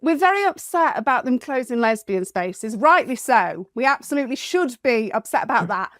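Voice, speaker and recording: A woman talking as a guest on a podcast in a chatty, expressive way, laughing often. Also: a little high, moderate pace, no echo, clean studio sound. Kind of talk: casual chat.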